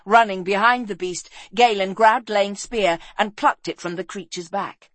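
A woman narrates a fantasy adventure with dramatic storybook expression. Her voice sits at an ordinary middle pitch and sinks low and quiet for the sorrowful moments. The recording is close and dry. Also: unhurried, no room sound. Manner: expressive, drops low and soft for sad passages.

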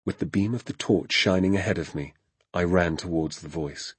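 Man reading a storybook, hushed and suspenseful, lowish voice, dry close sound. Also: moderate pace, slightly rough, no echo. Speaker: narrator. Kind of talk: storybook narration.

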